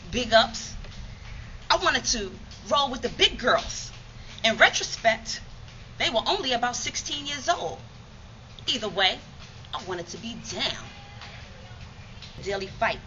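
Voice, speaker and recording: Woman from New York, bright and fairly high, emphatic spoken-word monologue; dull, lightly noisy recording. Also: slow, long pauses. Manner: rhythmic, emphatic, streetwise storytelling.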